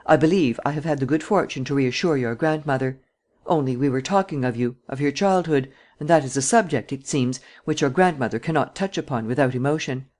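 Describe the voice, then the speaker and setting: A man doing a calm, cunning gentleman thief. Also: medium pitch, natural voice. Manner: calm, measured, drily ironic. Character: cool, cunning master thief, self-assured gentleman. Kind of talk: audiobook reading.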